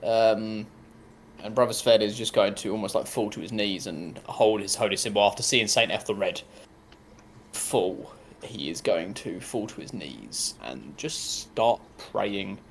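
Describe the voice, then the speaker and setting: A man narrating a tabletop game as game master, relaxed and often pausing with ums. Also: on the low side, a little hiss or hum.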